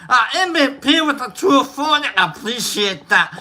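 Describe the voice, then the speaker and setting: A woman's voice: high-pitched, very animated, measured pace, few pauses, pushed and bright, slight background noise. A woman hosting a casual livestream, rambling, swearing and joking as she greets chat members by name. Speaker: livestream host.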